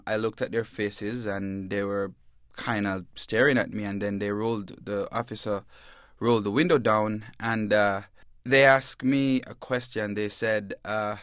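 A man, a reporter, giving an interview and telling what happened to him in a halting way, stammering and repeating words. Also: medium pitch, a bit bright, no echo, clean studio sound. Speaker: newspaper reporter, interview guest. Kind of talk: emotional first-person account. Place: radio bureau studio.

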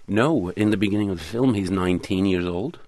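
A man interviewed as a documentary film producer and cinematographer answers earnestly and thoughtfully, often searching for his words. His low voice is brisk and a little mellow, and the recording is dry.

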